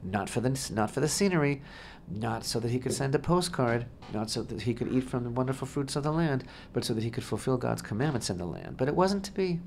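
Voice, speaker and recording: A man's voice: mid-range voice, animated, a little fast, hardly any pauses, a little mellow, a little hiss or hum. A man co-hosting a Torah discussion on talk radio, speaking expansively and emphatically and often repeating his phrases. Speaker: rabbi co-host.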